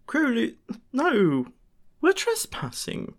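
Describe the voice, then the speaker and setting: A woman's voice: big pitch swings, a little slow. A woman voicing a fussy, easily frightened man, scolding and frantic in an audiobook reading. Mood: indignant. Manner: frantic, scolding, high-strung.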